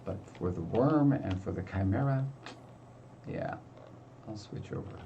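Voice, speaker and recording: A man's voice: deep voice, unhurried, lo-fi sound, noisy background. An older man hosting a gaming video, giving chatty, self-deprecating commentary as he plays. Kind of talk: casual gameplay commentary.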